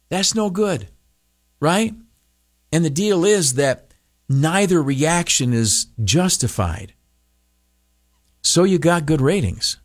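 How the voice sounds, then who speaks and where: A male radio broadcaster giving an animated motivational talk, often stopping on filler uhs and breaking into mocking high voices. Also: slow pace, pauses often, no echo, clean studio sound.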